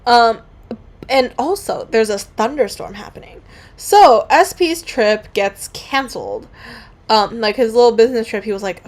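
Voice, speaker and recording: A woman's voice: a little high, unhurried. A woman casually recounting her comic's story while drawing, rambling with fillers and casual swearing. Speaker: comic artist.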